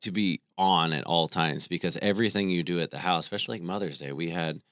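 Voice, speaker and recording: Deep-voiced man telling family stories. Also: quick pace, clear, resonant tone, no echo, studio quality. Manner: storytelling, relaxed and conversational. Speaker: podcast co-host. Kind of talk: casual faith conversation.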